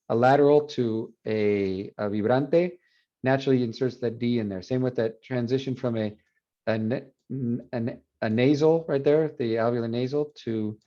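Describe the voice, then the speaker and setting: A male Spanish professor with a medium-pitched voice gives an animated university lecture, repeating example words aloud to demonstrate. It's a dull lo-fi classroom recording.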